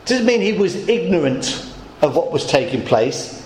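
A middle-aged pastor preaching a sermon, emphatic and rhetorical, slowing words down for effect, in a church hall. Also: male voice, a little high, very animated, slight background noise.

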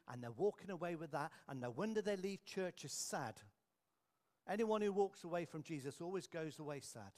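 Earnest storytelling male preacher. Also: a little high. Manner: anecdotal, earnest, drops quiet for emphasis. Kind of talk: storytelling sermon.

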